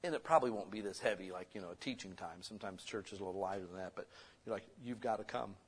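A man preaching a sermon as pastor, conversational and lively, swinging between loud bursts and soft asides. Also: low-pitched, racing, husky.

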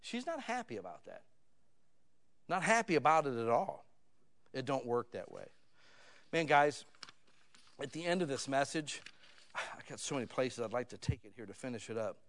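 A male pastor preaching a sermon in a conversational style, dropping to low asides and rising to loud, pleading emphasis. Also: sing-song, moderate pace, long pauses.

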